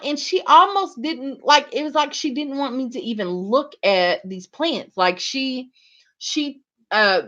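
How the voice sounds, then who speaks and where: A woman hosts a gardening livestream, chatting casually with viewers and calling them y'all. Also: high voice. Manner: animated, addresses viewers as y'all. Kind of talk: casual chat reading viewer comments. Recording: slightly dull lo-fi livestream audio.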